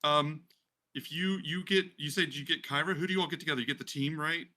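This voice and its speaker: A man hosting a tabletop role-playing stream as game master, narrating in a loose, chatty way and often pausing on fillers. His voice is bright and clear at a medium pitch.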